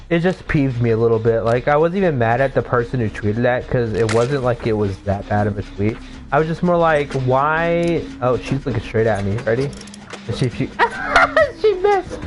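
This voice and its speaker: A man's voice: mid-range voice, moderate pace. A young man chatting casually while playing a video game, rambling with lots of fillers and frequent swearing. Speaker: gaming streamer. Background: music.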